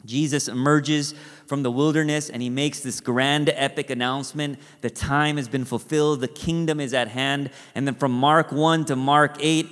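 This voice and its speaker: A man delivers a sermon in a relaxed, conversational way, tossing in asides and acting out the lines he quotes. His voice sits at an ordinary pitch and carries a long reverb, like a large hall. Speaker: preacher.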